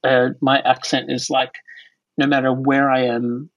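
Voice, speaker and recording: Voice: medium pitch, flat delivery, measured pace, no room sound, rough recording. A podcast co-host in their forties, from the United States, whose accent mixes American and Australian, chatting in a rambling, joking way with lots of fillers. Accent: mixed American and Australian. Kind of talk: casual podcast chat.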